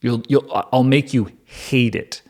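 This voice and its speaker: A man's voice: mid-range voice, little pitch movement, unhurried, darkish tone, natural voice. A man voicing a petty, jealous male deity who threatens his people in a mocking, sarcastic tone. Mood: spiteful.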